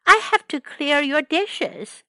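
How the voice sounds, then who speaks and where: A woman's voice: sits high, slow, bright, forceful tone, dry recording, studio quality, pitched above the performer's own voice, heavily acted. A woman voicing a polite, eager young male cat who works as a busboy.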